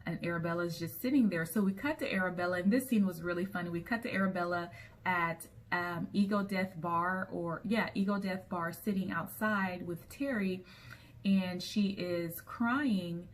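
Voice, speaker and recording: A woman's voice: lowish voice, normal speed, slight background noise. A woman recapping a TV episode in a chatty storytelling way, with frequent ums as she goes. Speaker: TV episode reviewer.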